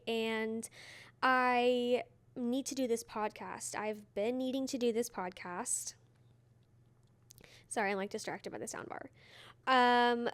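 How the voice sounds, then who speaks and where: A woman's voice: fairly high pitch, clean tone. A young woman hosting her own podcast alone, chatting casually in a rambling, self-mocking way with lots of fillers. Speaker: podcast host. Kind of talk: solo casual podcast chat.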